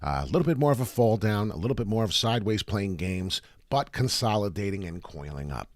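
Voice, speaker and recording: A crypto chart analyst hosts a casual livestream of market commentary, animated, rambling and swearing freely. His lively, slightly raspy voice moves briskly, with studio-quality sound and no room echo.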